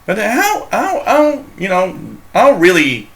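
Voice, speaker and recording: A man's voice: sits high, wildly swooping pitch, slow pace, vocal fry, a bit bright. A man from Canada hosting a live shortwave radio show, chatting in a rambling, jokey way, reading out chat messages and laughing often.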